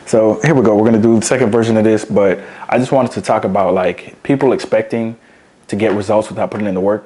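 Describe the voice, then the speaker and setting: A man's voice: lowish voice, quick pace, mellow. A man ranting bluntly to camera as a fitness coach, profane and emphatic, repeating his points for stress. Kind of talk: blunt motivational rant to camera.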